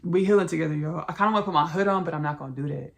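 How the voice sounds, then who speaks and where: Racing along in a low, creaky voice, this woman hosts a podcast in a Southern US country accent. Her spiritual talk is rambling and repetitive, full of restarts, and she keeps addressing listeners as "y'all" and "baby."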